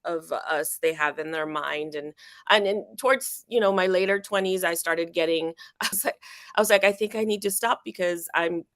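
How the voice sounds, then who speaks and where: A woman in her fifties, an actress being interviewed, speaking reflectively and hesitantly with many pauses and fillers. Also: on the low side, a bit bright, no echo, clean studio sound. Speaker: actress, guest. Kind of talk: casual interview chat.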